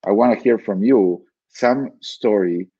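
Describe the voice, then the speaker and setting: Husky guy on a podcast, thinks out loud, repeats himself, kinda dull dry audio. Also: fairly low pitch, measured pace, no echo. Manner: thoughtful, repeats words while searching for them. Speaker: podcast guest, author. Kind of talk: reflective conversational explaining.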